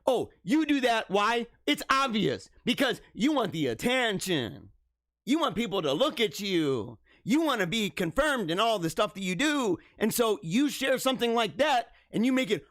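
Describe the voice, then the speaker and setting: A young man hosts a casual livestream, riffing on news stories with mock outrage and frequent laughs. His voice sits high and leaps around a lot. The sound is dry and close, with no room around it. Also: very animated, a little slow, a bit bright, dry recording. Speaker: livestream host.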